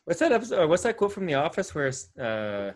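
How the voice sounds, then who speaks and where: A man's voice: on the high side, big pitch swings, fast talker, dry recording. A man hosting a casual reading club chat, joking and swearing, often restarting his sentences. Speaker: book club host.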